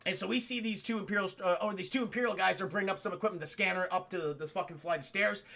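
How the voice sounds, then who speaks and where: A young man streaming, retelling a movie to his chat in a rambling, profane, animated way. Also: high-pitched, fast talker, vocal fry.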